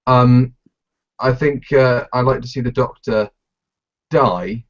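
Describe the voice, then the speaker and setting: A man co-hosting a casual live podcast, talking in a halting, playful way with lots of restarts. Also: mid-range voice, highs cut off. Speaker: podcast co-host.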